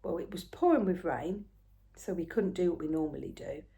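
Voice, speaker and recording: A woman's voice: fairly low pitch, animated, moderate pace, creaky. Chatty older woman. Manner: rambling, chatty, often soft and murmured. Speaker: craft vlogger. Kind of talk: casual storytelling chat.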